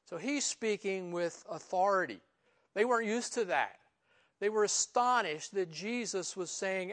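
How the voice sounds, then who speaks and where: A man gives a relaxed, verse-by-verse Bible teaching in a voice that sits a little higher than most men's. He talks informally, often saying "you know," and gets louder and higher when he stresses a point. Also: unhurried. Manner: rises in pitch and volume for emphasis. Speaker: pastor.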